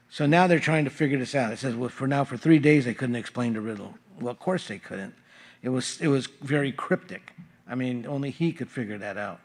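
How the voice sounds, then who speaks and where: A man's voice: mid-range voice, moderate pace, darkish tone. Male pastor, mid-range voice, informal verse-by-verse sermon in a church. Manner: casual, conversational teaching with frequent fillers. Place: church sanctuary.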